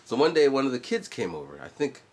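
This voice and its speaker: A man's voice: medium pitch, sing-song, fast, background noise. A man in his forties, a vlogger and musician, chatting casually in a loose, rambling way full of asides. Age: 40s. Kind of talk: casual vlog chat.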